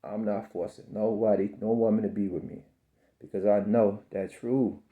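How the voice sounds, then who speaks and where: A man in his fifties giving a slow, repetitive, preachy spiritual monologue about self-belief, often calling the listener baby. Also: lowish voice, flat delivery, phone-quality sound.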